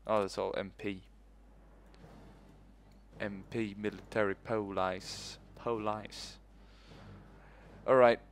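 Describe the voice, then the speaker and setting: A man's voice: lowish voice, steady tone, slow, pauses often, slight background noise. A young man commentating his own strategy game playthrough, rambling and swearing often. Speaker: let's play host. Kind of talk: gaming commentary.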